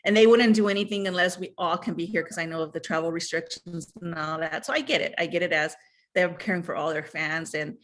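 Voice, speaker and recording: A woman telling a personal story in casual chat, animated, acting out what others said, with many fillers. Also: lowish voice, fast talker, a little hiss or hum. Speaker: guest.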